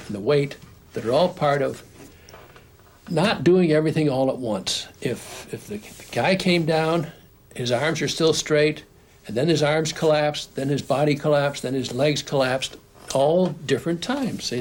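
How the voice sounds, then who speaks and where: An older man teaching animation in a recorded home-video lesson, explaining step by step while he draws, with frequent restarts. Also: fairly high pitch. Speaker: animation instructor. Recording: faint background noise, old home video.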